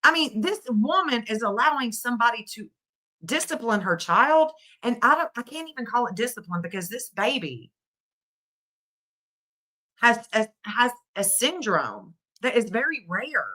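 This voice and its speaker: A woman's voice: fairly high pitch, big pitch swings, moderate pace, bright, forceful tone. A middle-aged woman hosting a livestream, giving emotional, scolding commentary and repeating phrases for emphasis.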